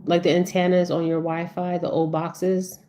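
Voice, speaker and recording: A woman's voice: lowish voice, little pitch movement, normal speed, mellow, a little hiss or hum. A woman giving a rambling spiritual talk in a casual monologue, checking in with "okay?" again and again. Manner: rambling, repeats "okay?" often. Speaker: spiritual speaker.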